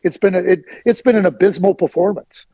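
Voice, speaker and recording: A man's voice: high-pitched, fairly quick, mellow, husky, dry recording, poor audio. A middle-aged man giving blunt, emphatic hockey opinions as a guest on a sports radio interview.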